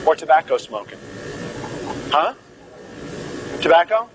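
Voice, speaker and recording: Male medical lecturer, playful quizzing, high-pitched, faint background hiss. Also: animated, normal speed, fairly bright tone, poor audio. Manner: joking, theatrical, quizzes the audience. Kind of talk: live classroom lecture.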